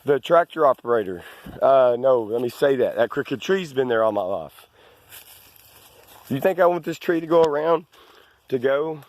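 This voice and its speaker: A man's voice: medium pitch, lively intonation, normal speed, pauses often, a little mellow, no room sound. A man from Arkansas, filming himself as he walks his rural land, rambling through asides and restarts. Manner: meandering, with many restarts and asides. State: out of breath. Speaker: landowner vlogger. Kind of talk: rambling outdoor walk-and-talk.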